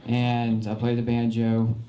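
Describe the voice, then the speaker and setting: A man's voice: mid-range voice, completely flat delivery, unhurried, dark tone. Folksy man in an echoey room. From Arkansas, United States. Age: young adult. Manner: folksy and earnest, with frequent fillers and restarts. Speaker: veteran giving a slideshow talk. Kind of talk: informal public talk.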